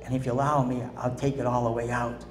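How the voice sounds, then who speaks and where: A man's voice: medium pitch, little pitch movement, fast, echoey room, crowd noise. A man preaching a sermon as pastor, calling for responses from the congregation and acting out quoted voices. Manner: preachy call-and-response, asking the congregation to answer. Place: church sanctuary.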